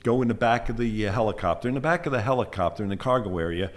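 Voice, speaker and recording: A man's voice: on the low side, racing. A man in his seventies from the United States, a Vietnam veteran telling his war stories in a plainspoken, casual way. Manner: plainspoken, animated when recounting confrontations. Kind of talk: casual first-person storytelling.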